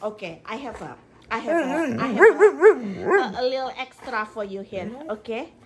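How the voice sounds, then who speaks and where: Giggly high-voiced woman talking to her dog. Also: expressive, normal speed, crowd noise. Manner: laughing often, coaxing baby-talk to a dog. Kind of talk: casual talk to a pet. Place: home.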